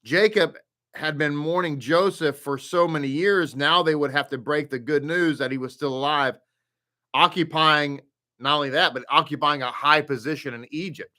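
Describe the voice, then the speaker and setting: A man's voice: a little high, normal speed, bright, forceful tone. A man leading a live Torah study, greeting viewers by name and chatting casually before he teaches.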